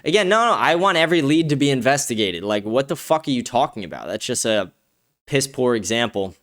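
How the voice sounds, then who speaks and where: A man's voice: mid-range voice, a little fast. Profane, combative male streamer. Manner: excited and fired up when pleased. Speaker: livestream host reading viewer comments. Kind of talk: casual streaming talk.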